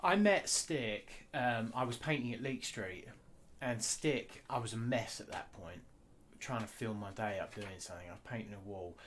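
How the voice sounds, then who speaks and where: A man talking candidly in an interview, blunt and animated, swearing freely. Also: lowish voice, normal speed, a little hiss or hum. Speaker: guest artist.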